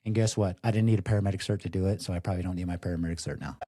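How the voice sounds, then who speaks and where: A young man, a firefighter guest, telling stories casually on a podcast, full of "like" fillers and growing quiet in tender moments. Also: sits low, very fast, no echo, studio quality. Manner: animated storyteller, many "like" fillers, softens for emotional parts. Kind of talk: casual storytelling interview.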